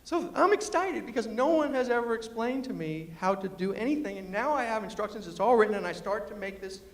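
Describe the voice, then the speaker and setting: A middle-aged man tells comic stories to a university audience. He is animated and acts out the people he quotes. His voice sits fairly high and carries a long reverb from the lecture hall. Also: a little fast. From New York City. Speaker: storyteller and humorist. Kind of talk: comic storytelling talk to a live audience.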